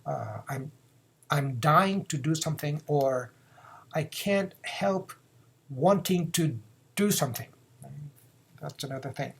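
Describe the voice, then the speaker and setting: A man's voice: a little high, slow, creaky, pauses often, a bit bright, slightly rough. A man, teaching phrases in a casual lesson, repeating words and acting out example lines. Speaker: Japanese teacher.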